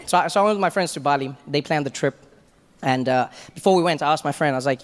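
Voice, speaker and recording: A young adult man from South Africa with a South African accent, telling stand-up stories in an animated, conversational way. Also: on the high side, fast talker. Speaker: stand-up comedian. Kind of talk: stand-up comedy. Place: stage in a large hall. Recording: echoey hall, faint crowd noise.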